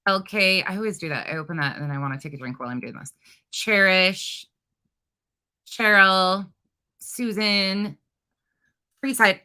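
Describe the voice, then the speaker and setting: A woman hosting a true crime livestream, chatting casually and reading viewer comments aloud in an energetic, expressive way. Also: medium pitch, clear, resonant tone.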